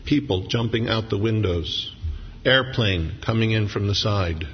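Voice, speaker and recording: A man's voice: fairly low pitch, unhurried, a little hiss or hum. A man preaching a sermon as pastor, telling family stories with humor before turning earnest and reflective. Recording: dull lo-fi recording in a reverberant hall.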